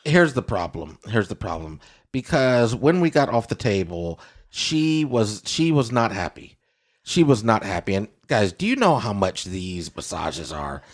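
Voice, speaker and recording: Male host, young adult, playful and digressive, very lively intonation. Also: on the low side, a little slow. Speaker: podcast host. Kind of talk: casual comedic chat.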